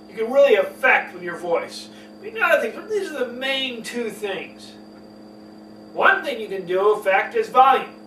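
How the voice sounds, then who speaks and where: A man teaching public speaking, talking emphatically and deliberately swinging between loud and soft, fast and slow. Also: sits high. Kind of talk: spoken lesson on public speaking. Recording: echoey room, mic at a distance, faint hum.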